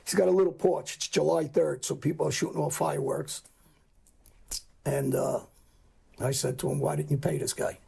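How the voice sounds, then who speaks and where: A middle-aged man, appearing as a guest, tells a crime story in a blunt, profane, casual way, acting out the lines he quotes. His voice is fairly high in pitch, gravelly and darkish, with a breathy edge.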